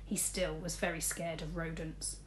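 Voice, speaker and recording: A woman teacher reading a storybook aloud, lively, switching between big shouts and soft whispers for the characters. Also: deep voice, normal speed, reverberant, a little hiss or hum.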